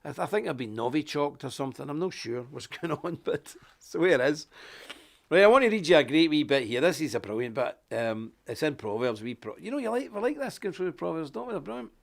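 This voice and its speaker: A man presenting a live online show, talking in an animated, folksy rant while unwell with a stuffy nose. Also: a little high, fast talker, gravelly. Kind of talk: live broadcast chat and rant.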